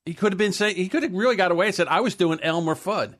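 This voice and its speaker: A man's voice: high-pitched, fast, fairly bright tone. A man co-hosting a podcast in casual banter, blunt and swearing freely. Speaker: podcast co-host.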